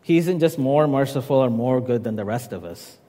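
A man preaching a sermon in a church, teaching in a measured way with casual asides to the congregation. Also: medium pitch, animated, mellow, in a large hall. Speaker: pastor. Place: church sanctuary.

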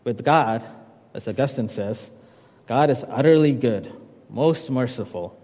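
A man's voice: medium pitch, a little mellow. Man preaching in a reverberant hall. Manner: measured teaching tone with casual asides. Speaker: pastor. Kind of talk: sermon. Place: church sanctuary.

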